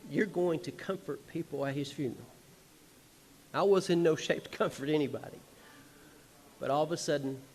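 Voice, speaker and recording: The son of a musician being honored stands on a concert hall stage sharing family stories during the tribute show. His medium-pitched, darkish voice carries a folksy, rambling, emotional tone, punctuated by small chuckles.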